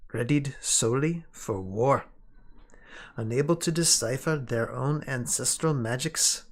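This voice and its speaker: A man voicing a solemn male elf scholar, an outcast mourning lost knowledge, in a slow, grave reading. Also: mid-range voice.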